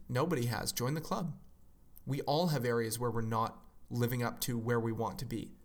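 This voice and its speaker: A man giving a motivational self-help talk in an earnest, encouraging way, often acting out people's inner voices. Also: mid-range voice.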